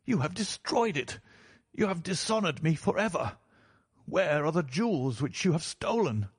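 Outraged older father, honour-bound and shouting, husky, raised pitch , put on by a male reader. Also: unhurried, no echo, clean studio sound. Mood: furious. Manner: shouting, accusing. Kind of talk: audiobook reading.

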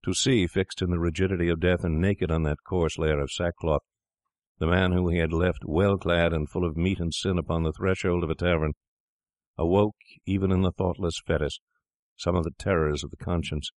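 Low-voiced man reading a grave tale. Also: steady tone, darkish tone, no room sound, studio quality. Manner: measured, grave storytelling. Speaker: narrator. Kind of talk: scripted narration of a classic tale.

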